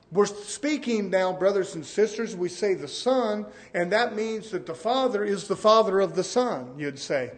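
A man preaching a sermon, swinging from loud to hushed. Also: sits high.

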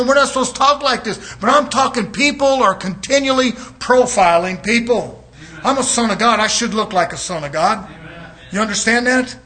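A middle-aged male preacher with a notably high-pitched voice delivers a sermon. He speaks in a plain, folksy way and keeps driving his points home, checking in with the congregation through pointed rhetorical questions. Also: bright, forceful tone. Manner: emphatic and folksy, prodding listeners with rhetorical questions.

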